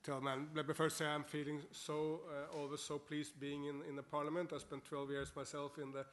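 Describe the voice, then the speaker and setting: A man's voice: a little high, completely flat delivery, a little fast, fairly bright tone, slight background noise. A middle-aged man from Norway with a Norwegian accent, giving a formal speech to a parliament as guest speaker. He talks in an upbeat way and repeats words while he searches for them. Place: parliament chamber.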